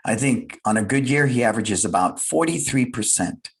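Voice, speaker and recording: A man's voice: medium pitch, expressive, moderate pace, gravelly, slightly rough. A middle-aged man giving a motivational fireside talk, earnest and emphatic, repeating his key phrases. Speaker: guest speaker, business leader.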